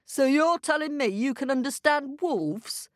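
A woman's voice: sits high, expressive, measured pace, no room sound, clean studio sound, pitched above the performer's own voice. A woman voicing a stern, doubting male hunter who growls his lines. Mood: gruff. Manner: growling, skeptical.

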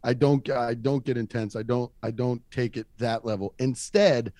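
A man's voice: medium pitch, moderate pace, no room sound. A young man telling a funny story in casual chat, laughing as he goes. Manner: animated, laughing through his stories. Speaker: comedian guest.

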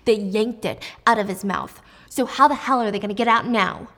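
A young woman recapping a story in a casual, jokey and animated way. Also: mid-range voice, normal speed. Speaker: book recap host.

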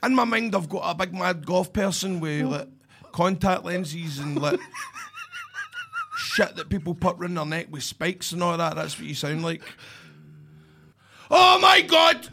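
A Scottish man with an Ayrshire accent co-hosting a podcast in casual chat, excitable, loud and swearing often. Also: high-pitched, unhurried, creaky, husky. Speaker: podcast co-host.

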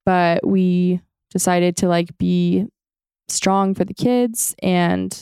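Mujer de voz clara y tersa. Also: female voice, fairly low pitch, slow pace, smooth, no room sound. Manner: animated storytelling, acts out quotes. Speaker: podcast co-host. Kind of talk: casual chat.

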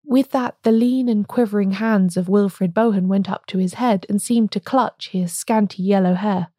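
A woman podcast host reading a classic story aloud in a measured way. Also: mid-range voice, steady tone, dark tone, dry recording, studio quality.

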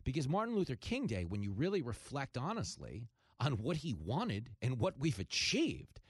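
A man hosting a talk radio show in a fast, jokey monologue, breaking into loud comic bursts. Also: mid-range voice, wildly swooping pitch, breathy edge, dry recording, studio quality.

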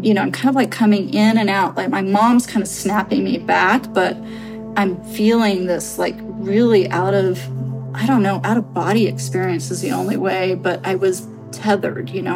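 A woman telling her own paranormal story on a podcast, halting and earnest, full of fillers as she searches for words. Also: mid-range voice, steady tone, gravelly, over music. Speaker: storyteller guest.

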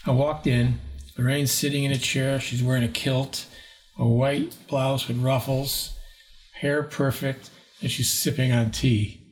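A man in his sixties, a paranormal investigator, tells a rambling story during an interview, acting out the people he quotes. His mid-range voice has little pitch movement and runs a touch slow.

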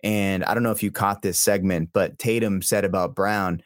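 Deep-voiced, easygoing male podcast co-host. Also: steady tone, normal speed, dry recording, studio quality. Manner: easygoing, storytelling, stumbles over words. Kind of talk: casual sports podcast chat.

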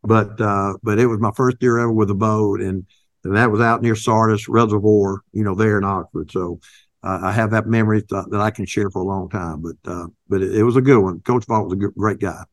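A man's voice: fairly low pitch, steady tone, dry recording, studio quality. Older man telling a folksy story. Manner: folksy, halting storyteller with many restarts. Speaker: guest, company founder. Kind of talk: storytelling in an interview.

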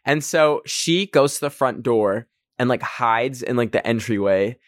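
A young Canadian man hosts a podcast, animatedly telling a casual story full of "like" and quotes acted out in raised voices. His medium-pitched voice has a measured pace, captured in studio quality with no echo.

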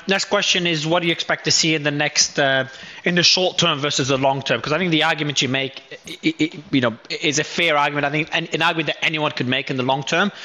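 A male host fires off questions at a fast clip and cuts in to pin down what the guest means. His voice is bright and slightly high. The sound is dull and lo-fi, like a live online stream. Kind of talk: moderating a live online audio show.

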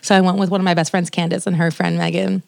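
A young woman co-host chats in a casual podcast conversation, her voice sitting a little low for a woman. She tells stories with energy, acting out what others said and dropping "like" often, recorded dry and close with no room sound. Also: fast talker, vocal fry, no room sound. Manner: animated storyteller, quoting others, heavy "like" fillers. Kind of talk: casual chat.

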